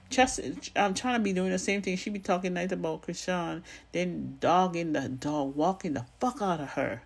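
A woman talks straight into her vlog with a husky, breathy voice and a noticeable accent of her own. She gives her commentary bluntly and with sass. She swears freely as she talks. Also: on the low side, a little fast, a little mellow. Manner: blunt, sassy and profane; has a non-standard accent of her own. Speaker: gossip commentary vlogger. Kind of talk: casual commentary.

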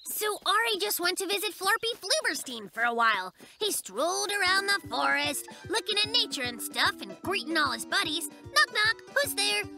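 An actor voicing an excitable, nosy little male polar bear cub in a cartoon. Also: very high-pitched, moderate pace, vocal fry, hardly any pauses, heavily acted. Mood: excited. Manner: bouncy, eager, nosy. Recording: cartoon soundtrack with loud music.

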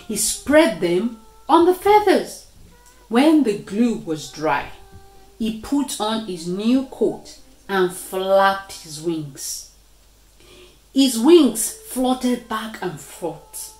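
A woman reading a children's story aloud in a slow, expressive way. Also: medium pitch. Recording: echoey room.

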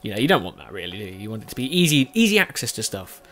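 A man's voice: fairly low pitch, big pitch swings, rapid-fire, fairly bright tone. A tired man, chatting casually as he plays a game and often correcting himself. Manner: rambling, self-correcting, chatty. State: tired with a sore throat. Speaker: gaming video host.

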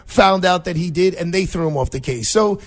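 A man's voice: high voice, fairly quick. A middle-aged man from Brooklyn, a defense attorney chatting as a call-in radio guest and acting out quoted voices as he tells stories. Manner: animated storyteller, acts out quotes.

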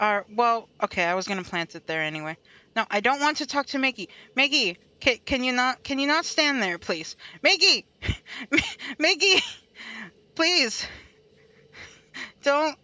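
A woman's voice: fairly high pitch, lively intonation, moderate pace, bright, forceful tone, no room sound. A woman chatting casually through a gameplay livestream, talking to herself and to chat and laughing often. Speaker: streamer. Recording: light music behind the voice.

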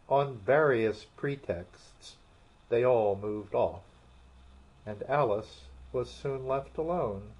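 A man narrating a classic novel as an audiobook, in a calm, measured storytelling manner. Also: medium pitch. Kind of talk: scripted narration. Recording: muffled, dull audio.

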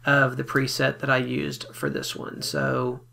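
A man giving a relaxed, step-by-step photo editing software tutorial, talking casually with fillers as he works. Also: mid-range voice, unhurried, gravelly. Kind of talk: screen-recorded software tutorial.

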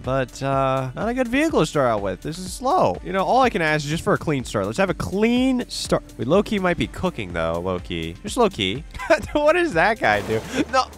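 A young man giving live commentary over his gameplay, complaining sarcastically with sudden high-pitched outbursts. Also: fairly bright tone. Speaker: gaming YouTuber.

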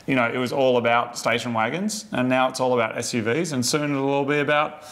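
A man's voice: medium pitch, steady tone, a little fast, a bit bright. A man co-hosting a casual car show, playful and joking, laughing often. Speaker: co-host. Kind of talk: casual banter.

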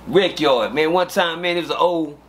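High-voiced man telling prison tales. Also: moderate pace, slight background noise. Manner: profane, animated, acts out quoted dialogue. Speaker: interview guest telling prison stories. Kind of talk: casual storytelling.

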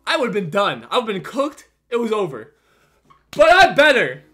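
Elated high-voiced young man streaming. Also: very animated, quick pace. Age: early 20s. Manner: shouting, elated and swearing. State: throat strained from screaming. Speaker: gaming streamer. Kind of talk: excited gaming stream commentary.

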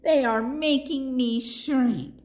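A small, frightened panda wails and wheezes in a storybook tale, as a woman puts him on. His voice sits higher and louder than the reader's own. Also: slow pace. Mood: anxious. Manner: wailing, wheezing. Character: tiny frightened male panda cub.

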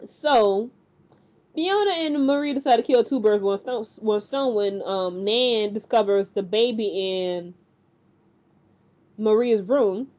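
A woman casually recapping a TV episode, talking in an animated, chatty way with lots of fillers and acted-out quotes. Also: mid-range voice, slow, highs cut off. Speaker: TV recap host.

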